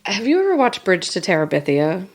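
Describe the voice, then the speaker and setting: A woman co-hosting a podcast in casual chat, animated, swearing freely and laughing often. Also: on the low side, brisk. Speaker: podcast co-host.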